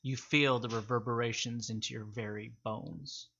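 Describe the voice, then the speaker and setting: A man's voice: medium pitch, fairly even intonation, creaky, bright, forceful tone, lo-fi sound. Stuffy-voiced man narrating a tabletop game. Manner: slow, suspenseful descriptions with fillers and restarts. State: stuffy, slightly rusty voice from sinus trouble. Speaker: game master.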